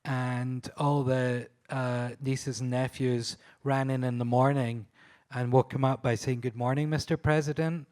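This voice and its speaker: Scottish man telling lively photo anecdotes. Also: medium pitch, takes it slowly, few pauses, clean tone. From Scotland. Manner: enthusiastic storyteller, laughs often, restarts and fillers. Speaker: photographer on a panel. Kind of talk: anecdotal talk at a public event. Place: live talk venue.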